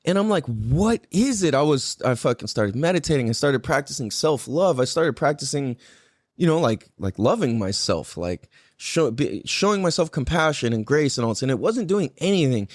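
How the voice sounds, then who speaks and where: A male podcast host with a mid-range voice and lively intonation chats casually at a normal speed, recorded in studio quality with no room sound. His talk wanders, is thick with profanity, and is littered with "like."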